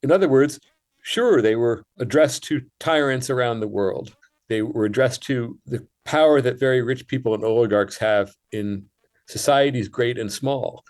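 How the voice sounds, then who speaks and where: A guest writer appears on a radio interview, speaking in long, considered sentences. He explains his case in a measured tone, his pitch even in the way typical of a man his age.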